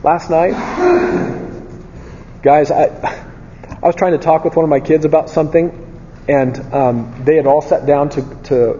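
A man preaches in a relaxed, conversational way, his voice a touch high and warm. He tells candid stories from his own life and tosses rhetorical questions to the room. The recording is dull and lo-fi, with a long hall reverb and faint ambience behind him. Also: unhurried, long pauses, slight background noise. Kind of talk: conversational sermon.

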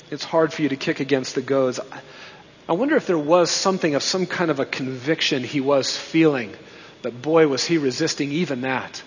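High-voiced preaching man in a hall. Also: slightly rough. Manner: emphatic preaching, rising and dropping to hushed tones. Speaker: pastor. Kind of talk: sermon. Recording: dull sound with long reverb in a hall.

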